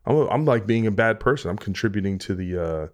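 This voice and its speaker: Male podcast host, low voice, rambling and jokey, casual solo chat. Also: animated, brisk. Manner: rambling, joking, self-interrupting.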